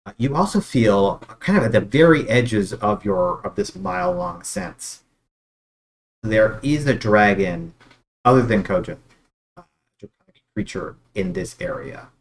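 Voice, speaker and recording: A man's voice: lowish voice, very animated, unhurried, vocal fry, pauses often. A man narrating as dungeon master, describing scenes with many ums and uhs over an online call. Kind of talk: narrating a tabletop game.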